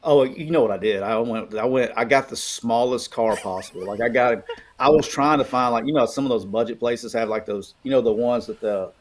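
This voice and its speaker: Middle-aged guy from alabama, rambly sports talk, starts over a lot, mid-pitched voice. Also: brisk, a little hiss or hum. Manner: rambling, animated storytelling with restarts. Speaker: co-host. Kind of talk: casual sports chat.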